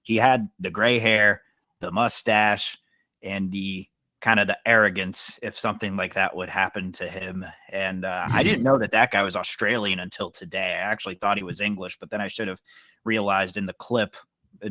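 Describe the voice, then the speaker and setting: Man, podcast co-host, low voice, dry close sound, rambling casual chat. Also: normal speed, bright, forceful tone, no echo.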